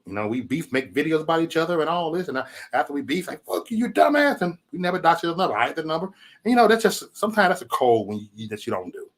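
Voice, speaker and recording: A man talks casually on his livestream, rambling from one remark to the next and swearing freely. His pitch swings widely as he goes, and he drops in chuckles and "man" all along. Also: big pitch swings, fast. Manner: loose rambling talk, profanity, frequent "man". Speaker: livestream host.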